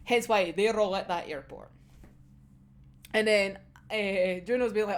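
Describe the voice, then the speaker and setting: A woman's voice: on the high side, sing-song, a little slow. A young woman with a Scottish accent chatting casually about an anime episode, swearing freely and laughing often. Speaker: anime reviewer.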